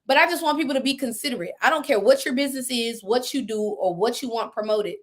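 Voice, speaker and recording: A woman tells her story as a guest on a live show, talking from her home office. Her voice sits high, and she keeps things casual and animated, slipping into the voices of the people she quotes. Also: quick pace.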